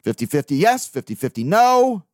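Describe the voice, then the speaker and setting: A man hosts a casual sports podcast, venting in blunt, profane bursts. His voice sits a bit high for a man. The sound is dry and close, with no room around it. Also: sing-song, moderate pace, darkish tone, no room sound. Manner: blunt, profane, venting, with mocking put-on quotes. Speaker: podcast host.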